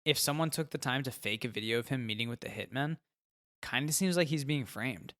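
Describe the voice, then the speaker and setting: A man's voice: medium pitch, brisk, a bit bright. Man narrating a story in first person.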